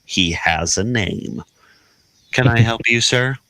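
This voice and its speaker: Prim young shop girl, gently scolding, voiced by a man. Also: medium pitch, takes it slowly, no echo.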